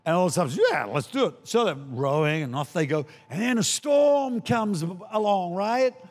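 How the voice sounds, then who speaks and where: Older male guest preacher, high lively voice, dramatic, reverberant sanctuary. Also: moderate pace. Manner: animated, acts out voices, shouts for emphasis. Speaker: pastor. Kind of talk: sermon.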